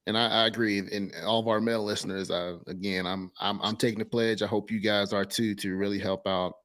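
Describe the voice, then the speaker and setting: A man hosting a podcast interview, enthusiastic and talking in halting bursts with fillers and restarts. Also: lowish voice, level tone, a bit bright. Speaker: podcast host. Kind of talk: casual interview.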